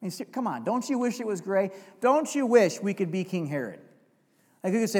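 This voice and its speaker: A man delivers a sermon in a noticeably high voice, swelling into emphatic, repetitive runs before sinking into quiet, confessional asides. He reads scripture aloud between points. The sound carries a long hall reverb around him. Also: expressive, brisk. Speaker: pastor.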